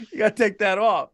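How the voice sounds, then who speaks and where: Animated man telling stories, dry close sound. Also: sits high, no room sound. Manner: animated, profane, peppered with "dude". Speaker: podcast co-host. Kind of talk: casual comedic storytelling.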